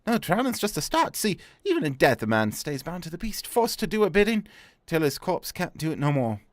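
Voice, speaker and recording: A man voicing a superstitious old male sailor in a put-on, half-Cockney, half-Scottish accent, talking in rough, folksy dialect. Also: fairly high pitch, very animated, a little fast, dry recording, clean studio sound, voice pushed up. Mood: spinning a yarn. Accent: mock Cockney-Scottish put-on. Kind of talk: reading game dialogue aloud. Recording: faint game music behind.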